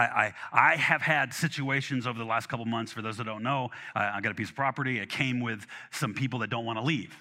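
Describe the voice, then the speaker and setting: A man preaching a sermon in a conversational, animated way, often repeating himself as he restarts his phrasing. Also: medium pitch, in a large hall. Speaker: pastor.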